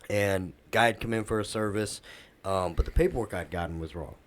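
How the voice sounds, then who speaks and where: A man's voice: on the low side, brisk. A middle-aged man, a podcast co-host, telling a workplace story in casual chat and acting out the quoted dialogue.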